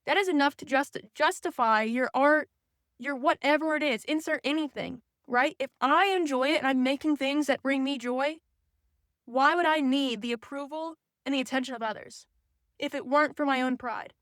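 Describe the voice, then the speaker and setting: Young woman vlogger, high voice, candid ranting chat, lots of "like", dry close sound. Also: moderate pace, fairly bright tone, no echo. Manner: candid, ranting, swings into mocking quoted voices; says "like" often. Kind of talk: casual chat.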